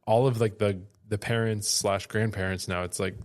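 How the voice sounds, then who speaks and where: A man with a fairly low voice co-hosts a podcast in a relaxed, casual way. He rambles and fills his sentences with plenty of "like" and "um." His tone stays friendly and conversational throughout. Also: normal speed. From Florida. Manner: rambling, chatty, lots of fillers. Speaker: podcast co-host. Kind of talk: casual chat.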